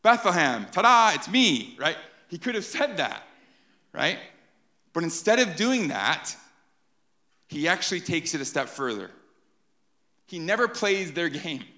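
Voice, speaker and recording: A man preaching an animated sermon to a live congregation, often checking in with "right?". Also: on the high side, a little slow, pauses often. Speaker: pastor.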